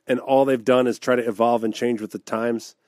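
A man co-hosting a podcast, telling a story in a casual, animated way, acting out the people he describes and laughing often. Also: medium pitch, fairly quick, no room sound, studio quality. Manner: laughs often while talking. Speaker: podcast co-host.

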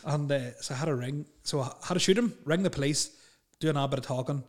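A man telling a rambling, animated story in casual chat, laughing and swearing as he goes. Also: fairly high pitch, fast talker. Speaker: podcast guest telling stories.

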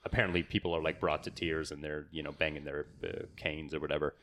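Deep-voiced New York man chatting. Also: fast talker, slight background noise. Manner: relaxed storytelling, laughs often. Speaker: podcast co-host. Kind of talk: casual history chat.

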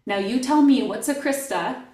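A middle-aged woman from Canada, a podcast guest, telling stories in a playful, animated way. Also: a little high, moderate pace. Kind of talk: casual podcast conversation. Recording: echoey and distant from the mic.

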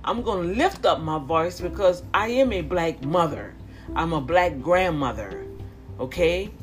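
Slow-speaking fervent preaching woman. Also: fairly low pitch, expressive, faint music behind. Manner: fervent, repetitive, with calls to the listeners. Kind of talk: impassioned informal preaching.

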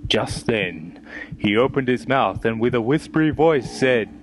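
A man's voice: medium pitch, animated, a little slow, rough recording. A man telling a comic adventure story as a pompous, stammering explorer. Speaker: comedy podcast host. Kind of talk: comic first-person narration.

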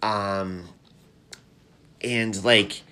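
A man chatting casually as a podcast co-host, animated and quick to act out characters' lines. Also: on the low side, clear, resonant tone. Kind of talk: casual chat recapping a TV episode.

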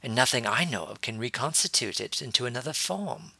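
A man voicing a stern, disciplined alien woman warrior master, speaking in a measured, cold way. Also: mid-range voice, animated, gravelly, bright, forceful tone, husky, no room sound, heavily acted. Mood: stunned.

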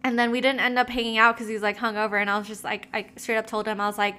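A woman's voice: a little high, flat delivery, very fast, hardly any pauses, bright, forceful tone, clean tone. A young woman in her twenties tells a story in casual chat, gossipy and full of fillers and swearing.

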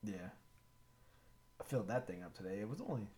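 Man, low voice, relaxed casual chat, mumbly trailing ends. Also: brisk.

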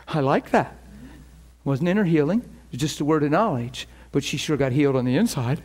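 A man's voice: fairly high pitch, fairly quick. A man preaching a sermon, telling stories with animation and acting out the voices of the people in them. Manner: animated storytelling, acts out quoted voices. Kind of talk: sermon storytelling.

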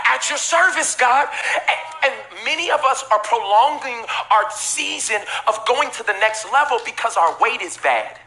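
A man preaching a sermon as pastor to a live church congregation, emphatic and repetitive with bursts of shouting and casual joking asides. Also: extremely high pitch, animated, a little slow.

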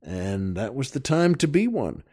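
A man's voice: mid-range voice, very animated, unhurried, dark tone. A man hosting a talk show, telling a joke in a folksy, rambling way and chuckling often. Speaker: host.

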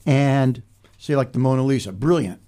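A man's voice: mid-range voice, moderate pace, warm tone. An older man hosting a casual talk show, telling a reflective story in a meandering way with many restarts. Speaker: podcast host.

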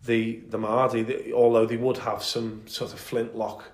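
A man's voice: mid-range voice, completely flat delivery, moderate pace, echoey room. A man co-hosting a podcast, telling military history stories in a casual, enthusiastic way with many fillers. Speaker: podcast co-host.

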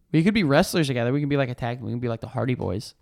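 A young man with an average-pitched voice chats on a podcast in a loose, rambling way. He swears freely and keeps his stories casual and unhurried. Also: very animated, gravelly, mellow. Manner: laid-back, rambling, swears often. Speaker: podcast co-host. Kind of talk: casual chat.

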